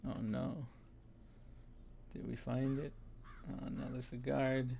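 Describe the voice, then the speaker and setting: A man's voice: medium pitch, flat delivery, takes it slowly, creaky, mellow, a little hiss or hum. A man playing a game on stream, reading its text aloud with wry asides. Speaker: gaming streamer. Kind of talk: casual let's-play commentary.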